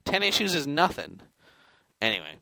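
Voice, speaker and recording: A man's voice: a little high, huge pitch swings, fast talker, gravelly, pushed and bright, no echo, rough recording. A young man co-hosting a podcast, chatting loosely about comics, rambling and laughing as he acts out what characters say. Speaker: podcast co-host. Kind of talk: casual comic book chat.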